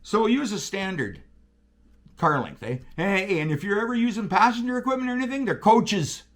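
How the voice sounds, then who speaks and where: A man with a high, bright-sounding speaking voice that swoops wildly up and down. He talks in a loose, animated, profane way, telling stories in casual chat. He acts out radio calls as he goes. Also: normal speed. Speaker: guest, railroader.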